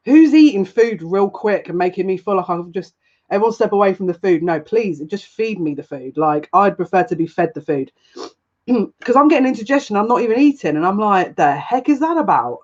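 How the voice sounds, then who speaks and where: A woman's voice: fairly low pitch, expressive, fairly quick, darkish tone. A woman giving a casual live tarot reading as a psychic, chatty and rambling with frequent giggles. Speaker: psychic reader. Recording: dull lo-fi sound.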